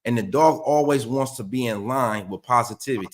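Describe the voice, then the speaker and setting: A man's voice: mid-range voice, a little fast. A man in casual conversation, explaining dog training earnestly and often repeating words as he searches for them.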